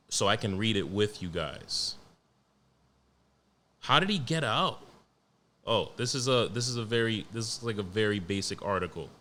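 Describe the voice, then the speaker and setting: A young man hosting a solo podcast, talking in a blunt, profane, joking way and reading news out loud. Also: lowish voice. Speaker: podcast host. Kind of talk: casual solo podcast monologue.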